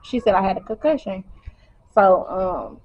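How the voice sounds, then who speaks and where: A woman's voice: mid-range voice, sing-song, unhurried, slightly rough, dull audio. A young woman telling a personal story casually, in a slangy, repetitive way. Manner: conversational, repeats herself, slangy. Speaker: vlogger.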